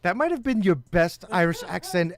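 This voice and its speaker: A man's voice: high-pitched, sing-song, moderate pace. A man co-hosting a radio talk show, chiming in and joking in casual chat, recorded in a studio. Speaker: co-host.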